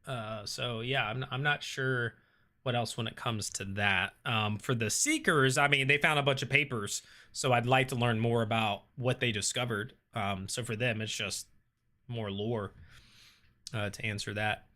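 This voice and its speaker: A man's voice: mid-range voice, steady tone, a little slow, pushed and bright. A man hosting a casual livestream, reading viewer comments aloud and answering them with lots of ums and uhs. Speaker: streamer reading live chat.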